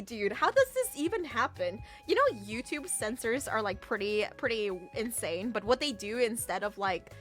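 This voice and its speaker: A young adult woman streamer chatting casually with viewers, teasing and often breaking into loud laughter. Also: fairly high pitch, very animated, normal speed, soft background music. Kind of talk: casual livestream chat.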